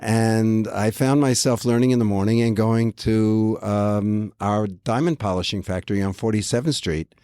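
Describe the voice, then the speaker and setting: A man in his seventies from the United States, a guest telling stories in a measured, reflective way with dry humor. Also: fairly low pitch, fairly even intonation, mellow, smooth, dry recording. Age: 70s. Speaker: guest, diamond company head. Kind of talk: casual interview talk.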